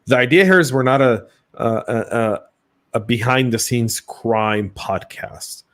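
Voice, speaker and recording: A man's voice: medium pitch, measured pace, a bit bright. Chatty Southern US man co-hosting. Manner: chatty, with stammered restarts. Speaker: podcast co-host. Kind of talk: live podcast chat.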